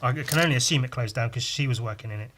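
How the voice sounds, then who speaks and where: Bright-voiced man rambling while drawing. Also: medium pitch, rapid-fire, slight background noise. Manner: rambling, crude, self-mocking humour. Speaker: podcast host. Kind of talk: casual rambling podcast monologue.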